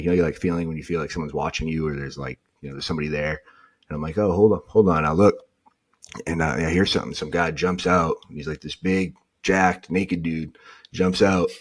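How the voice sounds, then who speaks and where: A young man from New England tells stories in a loose, animated way, acting out what the people in them said. His voice sits very low and has a husky edge. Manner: animated, acts out quotes of others. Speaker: podcast guest. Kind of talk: casual storytelling.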